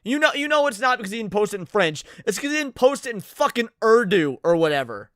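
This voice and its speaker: Man, reaction streamer, ranting and swearing, high voice, dry close mic. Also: sing-song, fast talker, fairly bright tone, dry recording. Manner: ranting, heavy swearing, stammering repeats. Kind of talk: profane reaction commentary.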